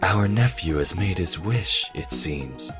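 A smug, nasty pony princess with fangs, as a male reader puts her on. She mocks with a royal "we" in a lifted voice built on a very deep natural tone. Clear background music plays under the storybook reading. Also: expressive, takes it slowly. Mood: sly. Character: sly nasty fanged pony princess, female.

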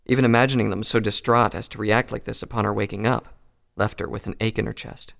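A man reading a pony fan fiction story aloud in a calm, even storytelling voice. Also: lowish voice, fast talker, gravelly. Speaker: narrator.

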